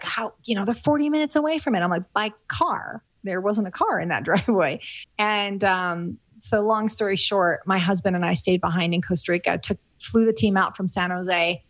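A woman's voice: mid-range voice, no room sound. A middle-aged woman from the United States, a business coach being interviewed, talking candidly and reflectively with many fillers and restarts. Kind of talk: casual interview conversation.

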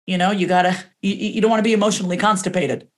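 A woman's voice: mid-range voice, steady tone, rapid-fire. A woman coach guesting on a podcast, talking candidly and emphatically, cursing freely and acting out her own inner voice. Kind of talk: casual interview talk.

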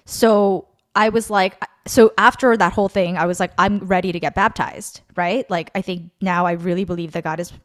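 A woman's voice: lowish voice, fairly even intonation, normal speed, hardly any pauses. A woman co-hosting a podcast, sharing a personal story in a rambling, chatty way full of fillers and self-corrections. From Korea. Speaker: podcast co-host. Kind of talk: casual testimony chat.

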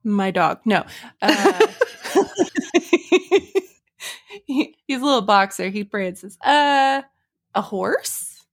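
A woman's voice: medium pitch, expressive, drawn-out words, long pauses. A woman with a Southern US accent, a podcast guest in casual chat who laughs often while guessing.

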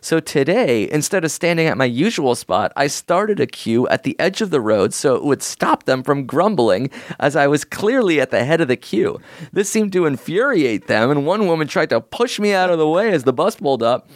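A man co-hosting a comedy podcast, reading a listener's email aloud in a casual, lively way with laughing asides. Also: on the high side, moderate pace, no room sound, studio quality. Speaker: podcast co-host.

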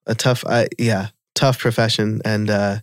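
A man's voice: fairly low pitch, no echo, clean studio sound. New York-accented male podcast host. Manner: animated, quick asides and quoted self-talk. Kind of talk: casual podcast interview.

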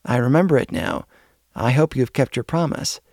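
A man voicing a gentle, kindly elderly bishop who speaks calmly and softly. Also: mid-range voice, creaky, dry recording, studio quality. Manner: gentle, measured. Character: gentle elderly male bishop, calm and kind.

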